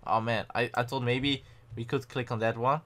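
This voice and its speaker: A young man giving excitable, panicky gameplay commentary and often mocking his own mistakes. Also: mid-range voice, moderate pace. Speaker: gaming channel host.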